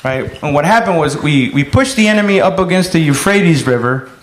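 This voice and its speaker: A man doing a profane stand-up routine, telling stories and shouting out loud impressions. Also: on the high side, animated, a little fast. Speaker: stand-up comedian. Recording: echoey room with loud noise.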